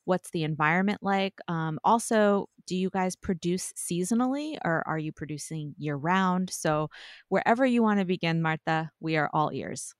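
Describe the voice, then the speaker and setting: A woman hosting an interview, calmly laying out a list of questions for her guest. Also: lowish voice, no echo, studio quality. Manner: measured, lists questions. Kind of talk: tasting interview.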